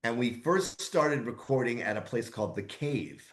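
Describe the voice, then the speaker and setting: A man in his sixties, a voice actor guest telling rambling, lively anecdotes in a casual interview. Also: medium pitch, normal speed. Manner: rambling, animated anecdotes with asides.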